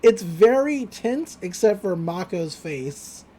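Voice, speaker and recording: A woman's voice: lowish voice, big pitch swings, slow, warm tone, a little hiss or hum. Chatty young woman recapping an episode. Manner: chatty, rambling, with frequent "like" and "uh". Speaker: podcast co-host. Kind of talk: casual episode recap chat.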